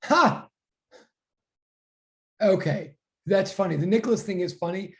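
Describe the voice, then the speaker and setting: A man's voice: high voice, unhurried. A man teaching a physics class online, talking casually and animatedly, often reacting to the class chat. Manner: chatty, animated, reads chat aloud.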